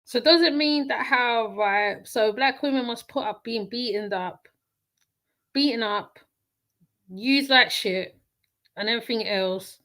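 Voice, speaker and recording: A woman's voice: a little high, unhurried, a bit bright. Blunt, rambling woman reacting to a clip. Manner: blunt, rambling, repeats herself. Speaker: reaction commentator. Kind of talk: casual reaction commentary.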